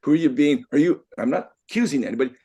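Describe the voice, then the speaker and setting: A man's voice: on the high side, lively intonation, racing, dark tone, husky. An older man, a life coach, giving an emphatic motivational talk to a group, repeating himself and firing rhetorical questions. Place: event room with a live group.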